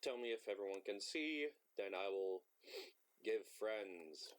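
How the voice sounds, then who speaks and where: A man's voice: fairly low pitch, animated, unhurried. A man acting as game master in an online tabletop game, talking casually and swearing freely.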